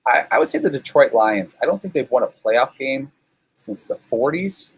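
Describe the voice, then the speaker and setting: A man guest telling sports stories in a casual, animated, self-deprecating way. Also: mid-range voice, moderate pace, vocal fry, slightly rough. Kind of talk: casual storytelling.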